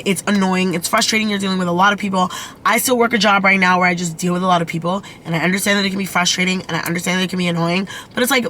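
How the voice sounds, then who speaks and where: A woman's voice: mid-range voice, sharp tone, slight background noise. A young woman vlogging casually into her phone camera, chatty and blunt, swearing freely. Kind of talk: casual vlog talk to camera.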